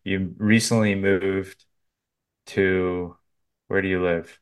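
Laid-back low-voiced man, joking around. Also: level tone, takes it slowly. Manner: laid-back, laughs often, sets up bits. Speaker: podcast co-host. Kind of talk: casual comedic banter.

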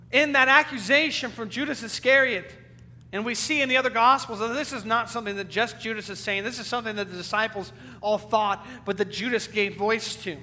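A male pastor preaching a sermon with earnest emphasis, sometimes loud and sometimes dropping to a hushed, low delivery. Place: church sanctuary. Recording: church hall reverb with faint hum.

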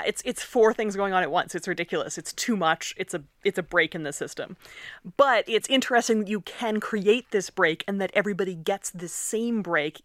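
A woman's voice: medium pitch, a bit bright, no echo, clean studio sound. A woman linguist guest in a casual interview, explaining with animation and laughing often as she acts out examples.

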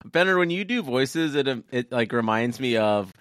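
A man's voice: medium pitch, expressive, moderate pace, fairly bright tone, slight background noise. A man co-hosting a casual podcast, teasing his friends and poking fun at himself. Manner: self-deprecating, teasing. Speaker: podcast co-host.

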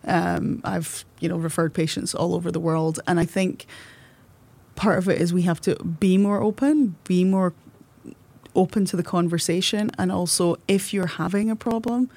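Scottish woman, forties, slightly low voice, fast sarcastic chatter, interview guest. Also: a little mellow. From west coast of Scotland. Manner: quick, sarcastic, laughing. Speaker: physiotherapist guest. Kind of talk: casual interview chat.

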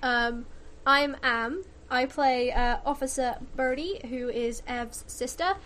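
A woman's voice: high-pitched, steady tone, takes it slowly, fairly bright tone. A woman introducing herself as a player in a tabletop game, upbeat and rallying the group. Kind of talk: casual tabletop podcast chat.

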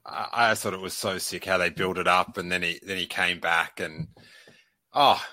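A man with a New Zealand accent hosting a casual panel chat, halting and restarting often. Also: sits low, steady tone, bright, forceful tone, no room sound. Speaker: podcast host.

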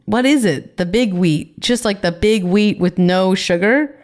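A young woman co-hosting a podcast, chatting casually. She talks quickly and loosely, with plenty of filler words, in an easygoing conversational way. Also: mid-range voice, darkish tone. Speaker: podcast co-host. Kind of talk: casual chat.

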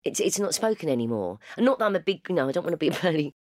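A woman, chatting lively as an actor guest on a podcast and laughing often. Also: deep voice, racing, no echo, studio quality. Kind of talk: casual podcast chat.

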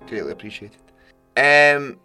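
A man's voice: mid-range voice, a little slow, smooth, soft background music. A man with a Scottish accent hosting a podcast in casual chat, telling stories with laughs and restarts. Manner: laughing, lively storytelling with restarts. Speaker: podcast host.

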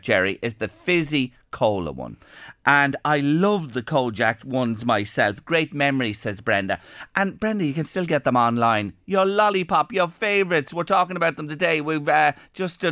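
A man's voice: on the high side, fairly bright tone, no room sound. A man hosting live radio, teasing and laughing through a play-by-play of a studio challenge. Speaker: radio host.

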